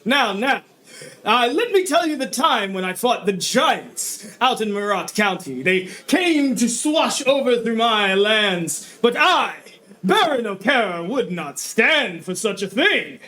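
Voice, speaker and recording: A man puts on a hearty older baron, a self-styled war hero who boasts to a crowd while waving off their praise. His voice rises higher than usual and swings widely in pitch, full of showy, mock-humble cheer. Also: sing-song, slow pace, pushed and bright, heavily acted. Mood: boastful.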